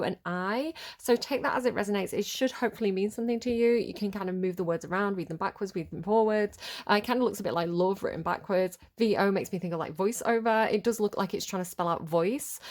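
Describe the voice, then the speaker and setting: A woman at a middle pitch hosts a relaxed tarot reading for her viewers. She talks loosely and thinks aloud, trailing off and laughing between thoughts. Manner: chatty and rambling, laughing often; thinks aloud with many fillers. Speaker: tarot reader. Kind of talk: casual collective tarot reading.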